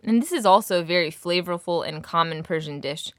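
A young woman teaching a language lesson, clearly modelling words slowly for her student to repeat. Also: on the low side, dry recording, studio quality.

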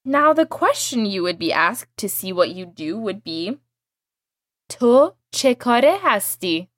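A woman leads a language lesson, explaining each word and having her student repeat after her. Her pitch moves a lot as she talks. The recording is dry and close. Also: big pitch swings, normal speed, fairly bright tone, no room sound. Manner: patient, explains and drills phrases. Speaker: language teacher.

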